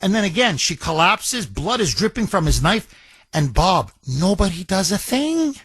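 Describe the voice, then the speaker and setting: An impassioned male talk radio host with a high, husky voice, hammering his points home by repeating them. The sound is dry and close, with no room around it. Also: very animated, moderate pace, fairly bright tone, dry recording. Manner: impassioned, emphatic, repeats phrases for effect. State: recovering from broken ribs.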